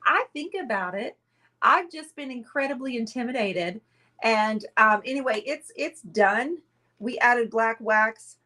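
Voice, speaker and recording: A woman's voice: on the high side, lively intonation, measured pace, sharp tone. A woman hosting a casual live painting stream, talking chattily and rambling to viewers while she sits close to the camera at a table indoors. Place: indoors at a table, away from usual setup.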